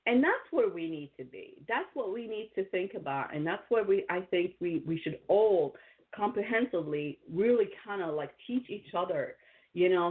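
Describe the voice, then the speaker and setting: A woman's voice: medium pitch, lively intonation, brisk. Woman motivational host on a tinny line. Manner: rambling, lots of fillers and restarts. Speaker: podcast host and coach. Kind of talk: motivational talk.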